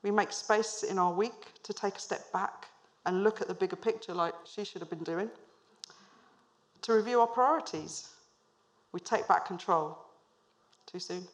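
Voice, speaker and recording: A managing director in her thirties addresses a live audience from the stage, weaving stories into a business talk and tossing questions at listeners with mild humor. She has a mid-range voice and speaks at a moderate pace.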